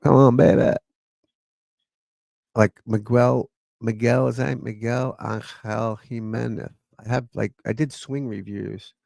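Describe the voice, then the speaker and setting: A male golf instructor chatting casually on a livestream, with vocal fry, rambling and swearing offhandedly. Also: mid-range voice, fairly even intonation, unhurried, a little mellow, no room sound.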